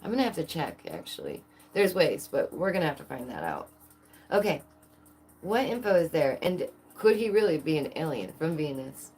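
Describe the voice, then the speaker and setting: Woman vlogger, low-ish voice, casual and excitable, rhetorical questions, quick laughs. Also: a little hiss or hum. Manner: excitable, asks viewers many rhetorical questions, laughs often. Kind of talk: casual chat to camera.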